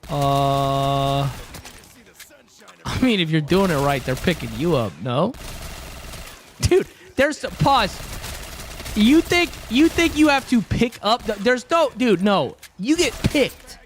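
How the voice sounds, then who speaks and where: A man's voice: high-pitched, expressive, takes it slowly, long pauses, slight background noise. A young man livestreaming, chatting casually with viewers in a joking, rambling way. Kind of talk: casual stream chat with viewers.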